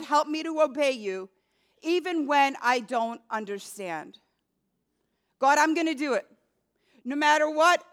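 A woman's voice: high-pitched, a bit bright. A woman preaching a sermon in an earnest, emphatic way, speaking prayers aloud as examples.

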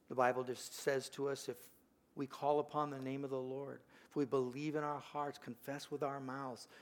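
An older man preaching a sermon as pastor, earnest, swinging from loud emphasis to a hushed, gentle invitation. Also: medium pitch, creaky. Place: church sanctuary.

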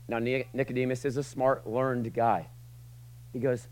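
A man preaching a sermon to a room, casual and joking, swinging from loud passionate lines to quiet asides. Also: medium pitch, normal speed, poor audio. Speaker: pastor.

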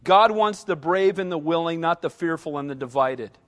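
A middle-aged pastor with a notably high, slightly bright voice preaches a loose, conversational sermon at a moderate pace with lively intonation. He hammers his points with short repeated phrases and keeps asking the congregation "right?"

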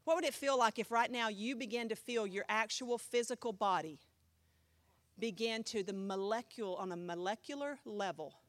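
A woman pastor teaching a Bible class in a chatty, animated way, often asking the class questions. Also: a little high, normal speed, no echo.

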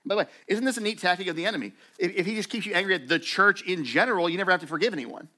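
A man preaching a sermon to his church in a conversational, animated way, acting out quoted voices. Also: high voice, very fast. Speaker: pastor.

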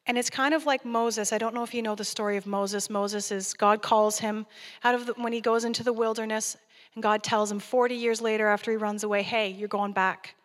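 A woman's voice: fairly high pitch, fairly even intonation, brisk, in a large hall. A woman guest preacher giving a conversational sermon and acting out scripture dialogue.

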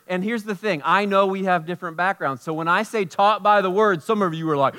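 A man's voice: high voice, lively intonation, fast, few pauses, bright, forceful tone. A man preaching a sermon as pastor, telling personal stories in a loose, conversational way, with lots of "like". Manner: conversational, storytelling, peppered with "like".

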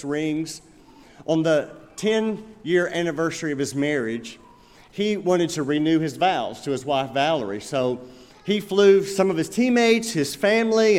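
A male pastor preaching a sermon, telling stories and slowing down to stress his points. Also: a little high. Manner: storytelling, emphatic, with slow pointed phrases. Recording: long reverb of a large hall.

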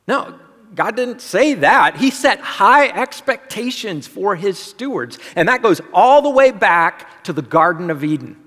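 A man's voice: high voice, fairly bright tone. Pastor guy preaching, kinda chatty, throws questions at people, big reverby hall. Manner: conversational preaching with rhetorical questions. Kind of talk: sermon.

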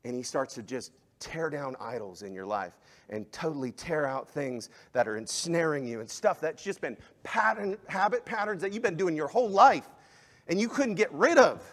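A male pastor preaching a sermon, swinging between loud, emphatic exhortation and hushed, soft passages. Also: a little high, very animated, moderate pace.

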